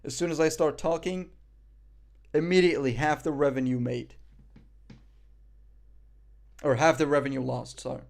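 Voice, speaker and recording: Young Moroccan streamer, man, slightly high voice, loose self-deprecating banter. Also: fairly even intonation, moderate pace, gravelly, long pauses, a little mellow. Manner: joking, self-mocking banter. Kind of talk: casual live-stream chat.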